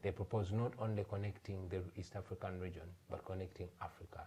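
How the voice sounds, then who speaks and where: A man's voice: low-pitched, fairly even intonation, fast, mellow, slightly rough. A man in his thirties from Uganda, an earnest, emphatic guest in a TV studio interview. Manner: earnest, emphatic, repeats words. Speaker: guest, musician.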